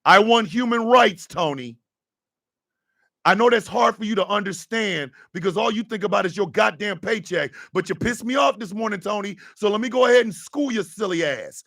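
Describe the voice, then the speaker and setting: A man hosting a radio show, delivering an impassioned, profane rant that swings from a low intense murmur to shouting. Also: animated, normal speed, creaky, no room sound, studio quality.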